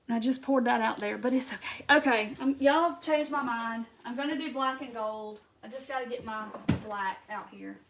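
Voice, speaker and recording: High-voiced chatty woman. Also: normal speed, few pauses, slight background noise. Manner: chatty, greets viewers by name while reading comments and working. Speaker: craft tutorial host. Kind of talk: live craft tutorial chat.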